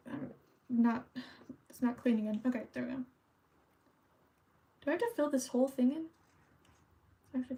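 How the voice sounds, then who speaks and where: A young woman streams while decorating cards, chatting casually and thinking aloud as she colors. Her voice is a little high and a little mellow.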